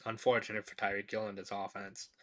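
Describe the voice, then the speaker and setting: A man's voice: on the low side, flat delivery, quick pace, bright, forceful tone. A man hosting a casual sports podcast, talking loosely with lots of fillers and restarts as he reads chat. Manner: rambling, many fillers and restarts. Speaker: podcast host.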